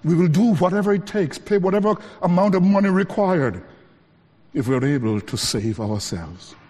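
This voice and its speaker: A man preaching a sermon, rising to emphatic lines and dropping to quiet ones, slowing to stress key words. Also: lively intonation, big-room sound. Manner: preaching with wide swings between raised emphatic lines and low quiet ones; slows down to stress key phrases.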